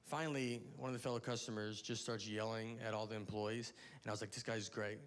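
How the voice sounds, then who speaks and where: A man's voice: on the low side, flat delivery, fairly quick. A man from the American South doing stand-up, telling a rambling, self-interrupting story. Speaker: stand-up comedian. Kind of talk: stand-up comedy routine.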